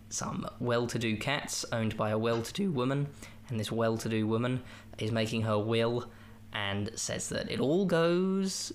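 There's a little hiss or hum behind this medium-pitched male podcast host. Chatting casually about a film, he rambles, cracks jokes and enjoys himself.

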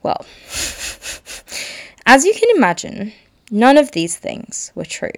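A woman's voice: fairly high pitch, wildly swooping pitch, normal speed. A woman in her twenties hosting a solo podcast, talking candidly in a rambling, self-deprecating way. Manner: rambling and self-deprecating, free-flowing with frequent laughs. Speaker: podcast host.

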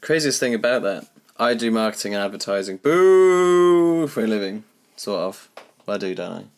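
A man's voice: fairly low pitch, fast. A man co-hosting a podcast, bantering in a jokey, self-mocking way and swearing casually. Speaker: podcast co-host.

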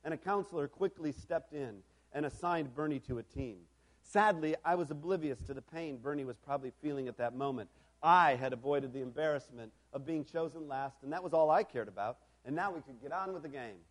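High-voiced man preaching a story sermon. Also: fairly quick. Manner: builds from quiet reflection to loud emphatic preaching.

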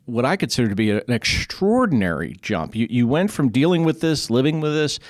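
Male interviewer, mid pitch, stumbles and restarts, conversational. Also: sing-song. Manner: halting, repeats words, restarts. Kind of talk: interview questions.

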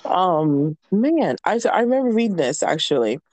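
A woman's voice: fairly low pitch, very animated, normal speed, darkish tone, dry recording. A woman co-hosting a casual podcast, giving her opinions in a reflective way. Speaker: podcast co-host. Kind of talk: casual chat.

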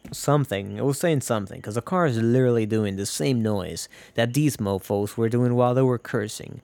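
A man's voice: mid-range voice, moderate pace, darkish tone, dry recording. A man hosting a casual solo podcast, rambling from tangent to tangent, swearing and joking. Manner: rambling, profane, jokey. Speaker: podcast host.

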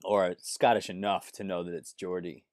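Musician guest from New York. Low, relaxed, rambling delivery with a dry sound. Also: male voice, normal speed, no room sound. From New York, USA. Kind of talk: casual interview chat.

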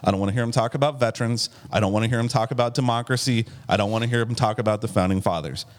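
A man's voice: mid-range voice, racing, long reverb tail. A man co-hosting a casual political chat, emphatic and profane. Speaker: podcast co-host.

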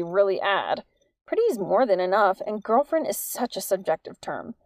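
A woman reading an audiobook in an even, measured storytelling manner. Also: mid-range voice, no echo. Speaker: audiobook narrator. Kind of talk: scripted narration.

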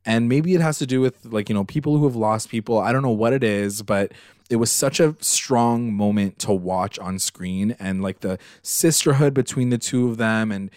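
A man's voice: medium pitch, no room sound, clean studio sound. A man co-hosting a podcast, chatting casually as he recaps a TV episode, with lots of fillers and emotional retelling. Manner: animated, filler-heavy, retells scenes with emotion. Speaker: podcast co-host.

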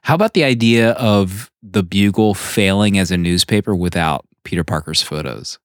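Deep-voiced guy giving his takes on a podcast, dry mic. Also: no room sound. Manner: chatty, opinionated, quick laughs. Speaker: podcast co-host. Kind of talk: casual comic book discussion.

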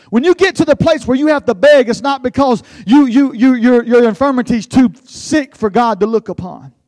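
A man preaching a sermon, building to impassioned shouted pleas with a repetitive cadence. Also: extremely high pitch, dry recording.

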